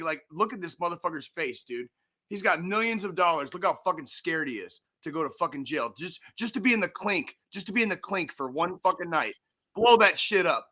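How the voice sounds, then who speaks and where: A man co-hosting a veterans' podcast, ranting and swearing loudly through casual chat. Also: sits high. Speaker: podcast co-host.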